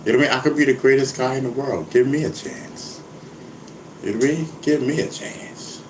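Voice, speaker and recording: A rapper and vlogger talks briskly in a steady, ordinary mid-range male voice, rambling loosely and joking. He's laid-back, laughs often, and checks in with "you know what I mean" after nearly every sentence. The room echoes, and a faint hum runs underneath.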